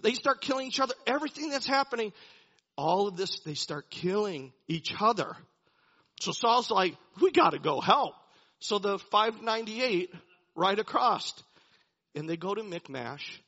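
A man's voice: high voice, expressive, normal speed, pushed and bright. A man preaching a sermon, animatedly retelling a Bible story and chuckling as he goes. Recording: dull lo-fi recording.

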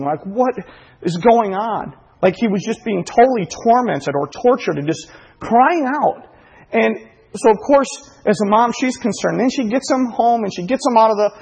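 A man's voice: high voice, vocal fry, slightly rough. A man preaching a sermon and telling a personal story earnestly, his voice swelling with emotion. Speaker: pastor. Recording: dull recording in a reverberant hall.

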